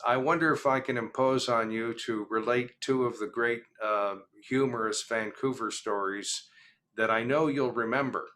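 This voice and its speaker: An older man hosts a relaxed interview, telling anecdotes and leaning on fillers as he goes. His voice is bright and forward at a middle pitch. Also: moderate pace. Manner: chatty, anecdotal, many fillers. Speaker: interview host. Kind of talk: casual interview chat.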